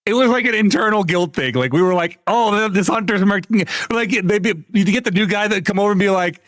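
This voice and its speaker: A man's voice: high voice, brisk, no echo, clean studio sound. A man on a live stream telling gaming stories in casual chat, swearing often and laughing between lines. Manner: animated storytelling, swearing, frequent laughter.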